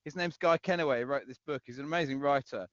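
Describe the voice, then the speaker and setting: A man guest in casual talk-radio chat, speaking haltingly with frequent restarts. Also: mid-range voice, no room sound. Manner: halting, many restarts and repeats. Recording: muffled lo-fi audio.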